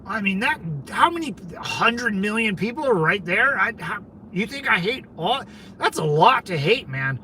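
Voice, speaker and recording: High-voiced and swinging widely in pitch, a man from California speaks at normal speed in a pushed, bright way. He rambles through a casual livestream, answering viewers and peppering his speech with "man" and "dude," over slight background noise.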